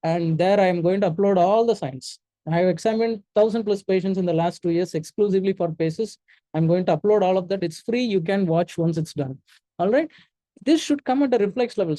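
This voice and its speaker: A man's voice: high voice, fairly quick, warm tone, no room sound. A man giving a spoken lecture as a medical exam tutor, emphatic and direct, often checking in with his listeners and repeating key warnings. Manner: emphatic, direct, checks in with "okay?" and "all right?".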